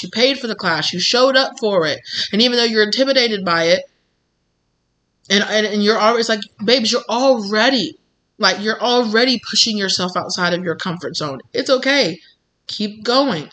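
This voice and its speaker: A woman gives a relaxed tarot reading straight to her viewers, sounding encouraging and chatty. Her voice is bright and clear in the middle of its range, and she talks in loose, reassuring bursts with plenty of fillers. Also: mid-range voice. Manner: encouraging, calls listener babes, many fillers. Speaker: tarot reader.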